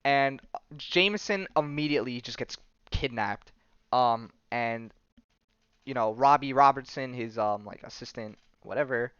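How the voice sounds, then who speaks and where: A male podcast host talks through a comic plot in a loose, rambling way, full of fillers and quick laughs. His voice is smooth and clear, at an ordinary pitch for a man. The recording is dry and slightly dull. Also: fairly bright tone, dry recording. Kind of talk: casual comic-book recap.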